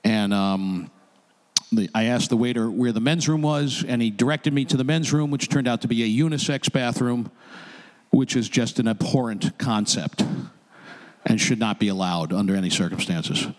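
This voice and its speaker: Guy doing stand-up, keeps stammering and grumbling, mid-pitched voice, long reverb in the room. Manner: halting, stammering, fussy and grumbling. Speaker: stand-up comedian. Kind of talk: stand-up set.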